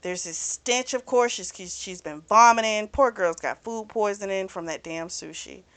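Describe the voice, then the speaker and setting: A woman's voice: mid-range voice, moderate pace, fairly bright tone, no room sound. Chatty woman recapping a book. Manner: chatty, retelling scenes with lots of "you know" and "he's like". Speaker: book club host reviewing a novel. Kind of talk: casual spoken book recap.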